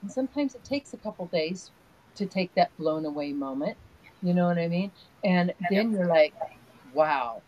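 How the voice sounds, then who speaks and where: A woman's voice: lowish voice, lively intonation, moderate pace, low-quality recording. Earnest grandmother telling spiritual stories. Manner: rambling, storytelling, soft and earnest. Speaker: energy healer guest. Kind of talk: casual spiritual interview talk.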